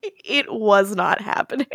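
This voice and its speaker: A woman's voice: mid-range voice, big pitch swings, slow pace, creaky, fairly bright tone, slightly rough, no echo. Woman co-host recapping a show, laughing often, dry sound. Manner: laughs often, acts out quotes playfully. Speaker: podcast co-host. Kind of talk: casual recap chat.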